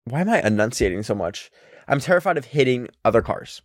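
A young man telling a story in a chatty, rambling way, packed with "like" and quick laughs, at an ordinary pitch for a man. He holds a handheld mic in a dry room at home, with no room sound behind him. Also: big pitch swings, no room sound. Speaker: vlogger. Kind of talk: casual storytime. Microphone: handheld microphone.

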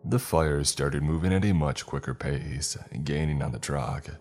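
A man narrating a first-person scary campfire story in a steady, scripted storytelling manner. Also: a bass voice, a little slow. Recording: faint music under the voice.

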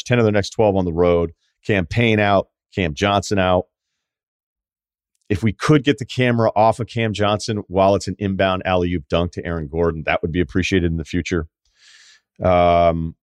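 A man with a low, deep voice hosts a solo sports talk show. He talks in an opinionated, animated way, throwing in quick asides and mocking quotes. The sound is dry, with no room echo. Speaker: podcast host.

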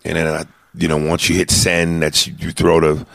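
A man's voice: very deep voice, completely flat delivery, normal speed, creaky, a bit bright, no echo, clean studio sound. A male comedian hosting a podcast, chatting casually in a rambling, profane way with many restarts.

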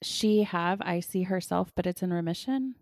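A woman's voice: on the low side, normal speed, a little mellow, no room sound, studio quality. A woman co-hosting a podcast, responding with short supportive remarks in casual chat. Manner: supportive listener, short reactions. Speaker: podcast co-host.

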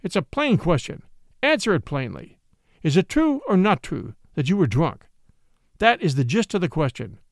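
Here is a blustering judge who roars and snarls at the witness, played by a man reading the story. His scolding pitch leaps high and drops low. The sound is dry and close. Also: big pitch swings, moderate pace, no room sound. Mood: snarling. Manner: roaring, fierce and scolding. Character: blustering, bullying male small-town judge.

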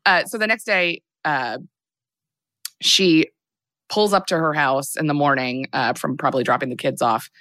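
A woman's voice: deep voice, normal speed, a bit bright, no room sound. A young adult woman casually recapping a film as a podcast host, rambling with lots of fillers.

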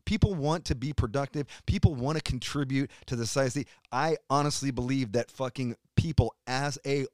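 A man's voice: mid-range voice, brisk, hardly any pauses, darkish tone, no echo, clean studio sound. A middle-aged American man, a guest on a podcast, ranting in emphatic, profane casual talk, swearing constantly. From United States. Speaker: podcast guest, metal musician. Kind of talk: heated casual rant.

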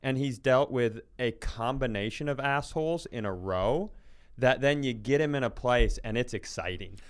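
A man's voice: medium pitch, normal speed. A man co-hosting a comedy podcast, playfully building absurd bits and laughing often in casual banter.

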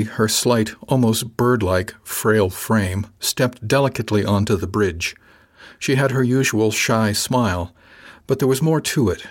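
A man with a fairly low voice reads a first-person audiobook. His delivery is measured and even, a steady storyteller. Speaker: audiobook narrator.

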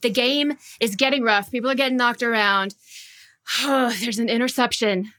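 A woman's voice: on the high side, unhurried, pushed and bright, no room sound. A woman co-hosting a podcast, eagerly recapping scenes in casual chat. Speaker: podcast co-host.

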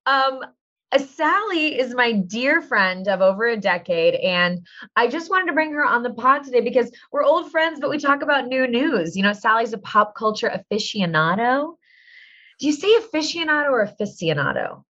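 A woman's voice: fairly high pitch, expressive, normal speed, pushed and bright. A woman in her thirties hosting a podcast, chatting in a bubbly, playful, self-mocking way. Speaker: podcast host. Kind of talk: casual chat. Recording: slightly dull lo-fi sound.

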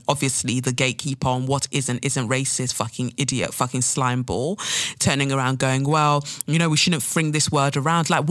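A woman's voice: rumbling low, no room sound. A woman ranting in commentary, angry and blunt, swearing freely. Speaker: vlogger.

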